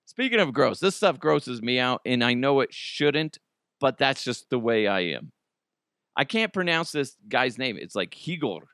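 A man's voice: mid-range voice, very animated, unhurried, a bit bright, smooth, dry recording, clean studio sound. A man hosting a casual comedic news podcast, joking, laughing often and slipping into goofy voices. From United States. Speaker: podcast host.

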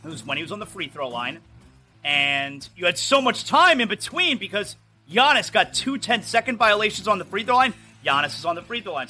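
A man hosting a solo sports talk show, rambling fast and opinionated about games and news. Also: high-pitched, bright, forceful tone.

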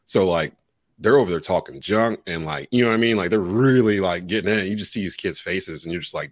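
A man from North Carolina with a very low voice talks in a relaxed, casual way, often pausing on "uh" and "um". The recording is dry and close, with no room sound. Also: no room sound. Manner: relaxed, with frequent "uh" and "um". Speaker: sports radio host and play-by-play caller. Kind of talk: casual podcast chat.

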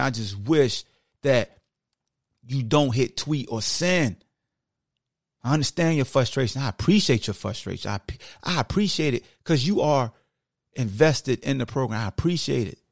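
A gravelly, middle-aged man delivers a fired-up solo podcast rant. He talks straight at his listeners, preachy and animated. The sound is dry and close. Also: mid-range voice, dry recording. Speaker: podcast host. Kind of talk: casual sports podcast monologue.

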